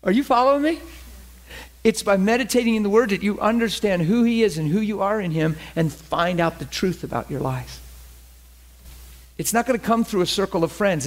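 A man with a somewhat high-pitched voice teaches scripture to a small group. His delivery is earnest and conversational. He keeps asking whether his listeners follow him. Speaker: Bible study teacher. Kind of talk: informal Bible study teaching.

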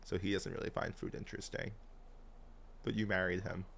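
A man's voice: low voice, flat delivery, gravelly, background noise. A man co-hosting a podcast, chatting casually in a playful, teasing way. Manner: playful and teasing, quick asides. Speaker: podcast co-host. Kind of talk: casual comedic chat.

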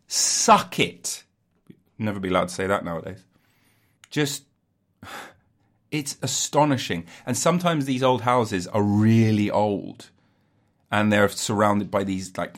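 Man, lower voice, solo rant; sarcastic, swears freely, rambling mock outrage. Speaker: solo commentator.

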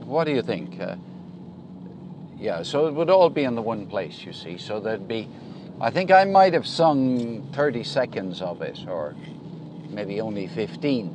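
Middle-aged male podcast host, slow and meandering, leaving a chatty voice note over clear car noise. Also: on the low side, very animated. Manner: chatty, rambling with fillers. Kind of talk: casual voice-message chat.

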